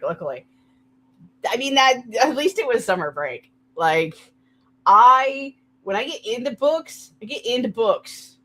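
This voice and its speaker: A young woman chatting casually on her live stream, excitable and rambling, with frequent restarts and laughter. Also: mid-range voice. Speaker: streamer hosting a write-with-me stream.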